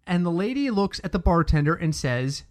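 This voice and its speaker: A middle-aged man, co-hosting a podcast in casual chat and telling animated stories. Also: a little high, brisk. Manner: storytelling, animated anecdotes. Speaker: podcast co-host.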